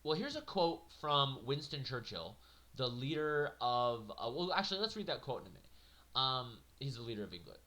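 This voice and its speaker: A man lecturing on history with a bright, forceful tone. He talks casually and with lots of energy, dropping playful asides and checking in with the class as he goes. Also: mid-range voice, moderate pace. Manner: conversational, animated, jokey asides. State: yawning, a little tired. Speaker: teacher.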